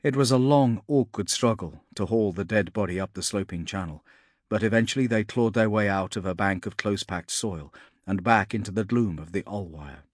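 A man narrating a fantasy audiobook in a steady, measured storytelling manner. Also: lowish voice, dry recording, studio quality.

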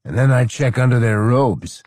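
A man's voice: mid-range voice, normal speed, a little mellow, no room sound, studio quality, voice pushed up, natural voice. A man reading a story aloud and voicing a drunken, crude Roman general who slurs and bellows. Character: drunken boorish male Roman general, leering.

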